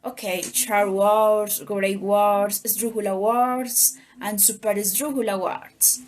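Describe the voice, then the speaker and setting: A young woman from Colombia with a Colombian accent, a native Spanish speaker reading her part of a class presentation in a measured way. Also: medium pitch, little pitch movement, darkish tone. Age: young adult. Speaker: student presenter.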